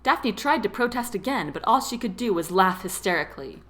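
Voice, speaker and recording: A woman narrating a romance novel as an audiobook, with expressive storytelling. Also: medium pitch, fairly quick. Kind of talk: scripted narration.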